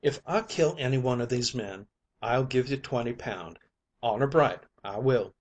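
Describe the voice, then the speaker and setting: A man's voice: medium pitch, lively intonation, normal speed, natural voice. A man reading an audiobook, voicing a cocksure ship's mate with a persuasive, wheedling manner. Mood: indignant. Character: crafty ship's mate, male, middle-aged, cocksure. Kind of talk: audiobook character voice.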